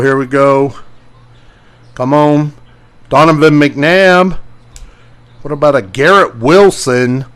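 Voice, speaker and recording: A man hosting a live sports card break, calling out player names as he opens packs and greeting viewers by name. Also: mid-range voice.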